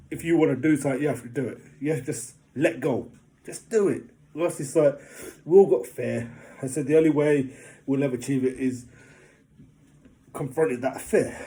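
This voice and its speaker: A man giving a casual motivational talk, rambling and often asking if the listener knows what he means, getting animated in funny stories. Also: mid-range voice. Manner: rambling, keeps asking "do you know what I mean". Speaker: motivational vlogger.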